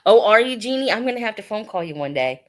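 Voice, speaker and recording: Showing off hat pins during a casual live sale, a woman who sells hat pins and jewelry chats and laughs with her viewers, speaking to them directly. Her medium-pitched voice moves fast with lively intonation.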